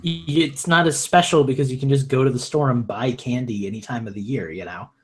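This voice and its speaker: A man's voice: medium pitch, a little fast, a little hiss or hum. A man co-hosting a casual gaming podcast, reflective and laughing often. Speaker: podcast co-host.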